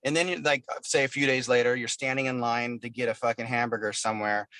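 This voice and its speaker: Bright-voiced man telling a rambling story. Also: medium pitch, steady tone, fast talker, dry recording. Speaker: musician guest. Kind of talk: casual interview chat. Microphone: video call.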